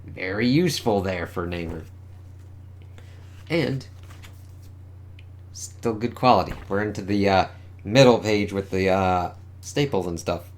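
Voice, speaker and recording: A man's voice: low-pitched, measured pace, long pauses. A man casually reviewing a comic book, rambling loosely and swearing freely.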